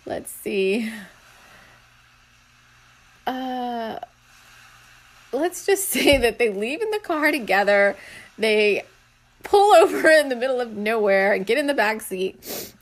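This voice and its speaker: Giggling woman reading her own novel. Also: a little high. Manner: keeps breaking into giggles and stumbling over words. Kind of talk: casual reading aloud.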